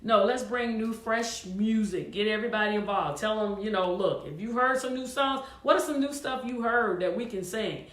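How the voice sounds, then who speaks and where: A woman's voice: medium pitch, moderate pace, few pauses, roomy sound. A woman choir director hosting her show, talking casually and encouragingly to viewers, with frequent fillers.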